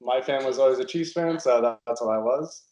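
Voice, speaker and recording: A man's voice: mid-range voice, quick pace, darkish tone. A man from Nebraska, a guest designer, answering interview questions in a thoughtful, hesitant way with many fillers. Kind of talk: casual interview. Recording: roomy echo.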